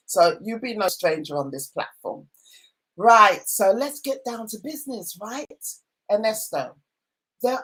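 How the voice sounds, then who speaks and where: A woman with a fairly low voice hosts an online event over a video call. She gushes about her guests and stacks up repeated words for emphasis. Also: poor audio. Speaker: host. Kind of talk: casual online event hosting.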